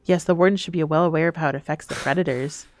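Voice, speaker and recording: A young adult woman streaming a game, reading its text aloud between excitable, crude, giggly banter. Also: low-pitched, quick pace, faint music behind.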